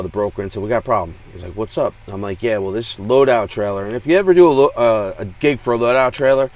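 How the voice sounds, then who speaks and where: A man's voice: mid-range voice, far from the mic. A truck-driving man venting in a rambling, frustrated way, telling road stories with lots of fillers, from inside his truck cab. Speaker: truck driver vlogger. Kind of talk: casual venting monologue.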